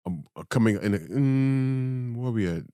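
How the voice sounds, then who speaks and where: A man's voice: medium pitch, clear, resonant tone, no room sound, studio quality. A man co-hosting a casual chat show, talking in rambling bursts with many restarts. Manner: animated, rambling, halting restarts. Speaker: co-host.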